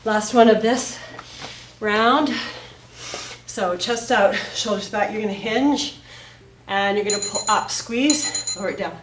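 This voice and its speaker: A woman fitness instructor coaching a follow-along home workout, cueing each move as she exercises and getting breathy between sets. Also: medium pitch, slow pace, long pauses, distant mic, noisy background. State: out of breath at times. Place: home workout studio, indoors. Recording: echoey room, voice off-mic.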